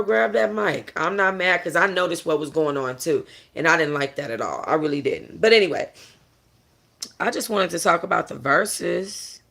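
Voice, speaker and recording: A vlogger giving a casual, opinionated music review, gossipy and blunt, talking straight to viewers and swearing freely. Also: mid-range voice. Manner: animated, blunt and profane, with mocking impressions.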